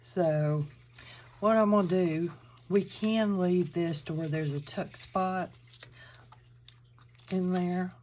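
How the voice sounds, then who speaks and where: A woman's voice: on the low side, fairly even intonation, slow pace, long pauses, darkish tone, a little hiss or hum. A woman from Georgia with a Southern accent, chatting casually as she walks through a crafting tutorial and thinks aloud while she works. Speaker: crafting channel host.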